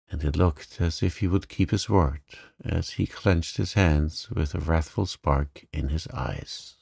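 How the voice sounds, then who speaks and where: Calm, gravelly male sleep-story narrator. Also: a bass voice, measured pace, hardly any pauses, dry recording, clean studio sound. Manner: soft, calm.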